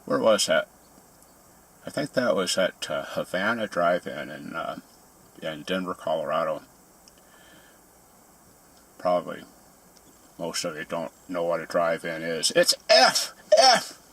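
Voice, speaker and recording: A man's voice: deep voice, measured pace, creaky, pauses often, fairly bright tone, slightly rough. A man telling grumbling, sarcastic stories in a casual ranting monologue. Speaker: vlogger.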